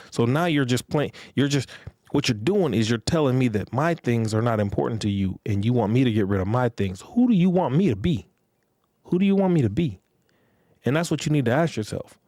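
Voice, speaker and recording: Lecturing on relationships in a monologue, this podcast host is blunt and profane and keeps repeating phrases to drive points home. His mid-range voice is a little mellow, captured cleanly in a studio with no room sound.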